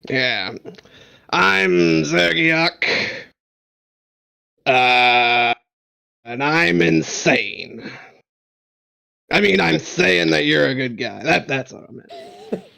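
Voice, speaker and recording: Picture an unhinged adventurer, played by a man at the game table who blurts out halting, odd remarks. His voice is gravelly with lots of fry, and it sits a little high. The pitch leaps around unpredictably from one line to the next. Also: huge pitch swings, pushed and bright, full character voice. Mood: erratic. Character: erratic self-declared insane male adventurer. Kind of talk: tabletop role-play in character.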